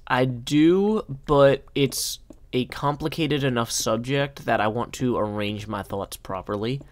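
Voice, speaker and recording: A man's voice: mid-range voice, a little slow, no echo. Man streamer, chatty and self-deprecating, casual live-stream chat. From Nashville, USA.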